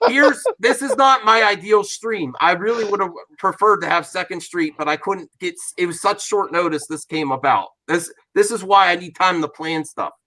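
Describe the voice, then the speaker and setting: A man hosting and moderating a live-stream debate, hesitant and stammering as he tries to calm things. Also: high-pitched, moderate pace, hardly any pauses, low-quality recording.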